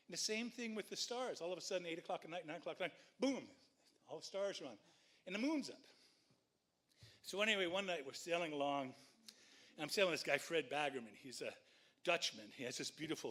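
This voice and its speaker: A man telling a personal story at a live story slam, animated and conversational, with frequent swearing. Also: sits high.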